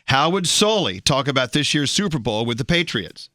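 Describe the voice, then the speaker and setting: A male radio host interviewing a guest in his studio, with a brisk, teasing manner. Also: medium pitch, very animated, pushed and bright, no echo.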